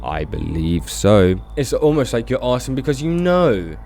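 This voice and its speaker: A man voicing a creepy, pale old man who stands at the door in a video game and asks ominous questions slowly and quietly. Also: sing-song, vocal fry, slight background noise. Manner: slow, low, ominous questioning.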